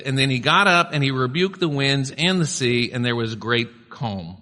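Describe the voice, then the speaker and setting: With a medium-pitched, expressive voice, a man preaches as pastor at a moderate pace with few pauses, his tone bright and forceful. He keeps the sermon conversational and drops casual remarks to the congregation, all wrapped in long hall reverb.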